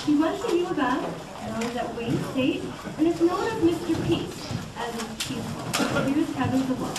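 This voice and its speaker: A woman's voice: sits high, expressive, normal speed. A woman presenter formally introducing a speaker at a school event. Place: school hall. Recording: echoey hall from far off, loud noise.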